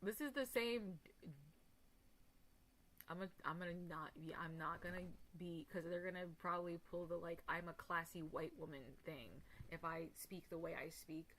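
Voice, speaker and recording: Female streamer, slightly low voice, blunt and heated, swears freely. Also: moderate pace, a little hiss or hum. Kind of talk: casual ranting stream talk.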